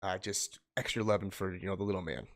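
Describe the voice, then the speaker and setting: Young guy streaming, kinda low voice, halting and teary, keeps restarting. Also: steady tone, creaky. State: holding back tears. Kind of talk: emotional personal story on a live stream.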